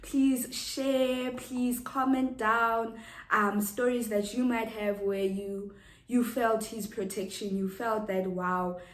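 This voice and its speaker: A woman's voice: on the high side, little pitch movement, slow. Earnest woman, echoey room. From South Africa. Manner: earnest, repeats words, many fillers. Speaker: Christian vlogger. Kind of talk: casual devotional talk.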